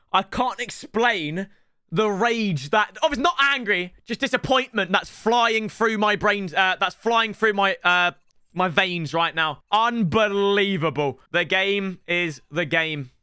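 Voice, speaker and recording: A man's voice: sits high, measured pace, pushed and bright, clear, resonant tone, no room sound. A man, commentating his own game on a live stream in an exasperated, ranting way.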